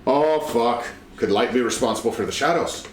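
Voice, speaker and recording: A man playing a tabletop game, joking and swearing in quick casual back-and-forth. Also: medium pitch. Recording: roomy room with faint background hum.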